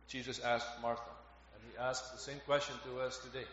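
A man's voice: medium pitch, little pitch movement, a little fast, a bit bright. A man preaching a sermon, earnest and growing emphatic on key phrases. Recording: echoey hall, dull lo-fi, faint noise.

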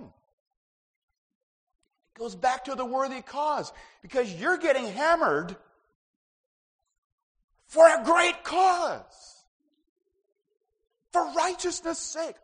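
A man preaching a sermon as pastor, swinging between loud emphasis and hushed asides. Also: very high-pitched, animated, slow pace, pauses often, big-room sound.

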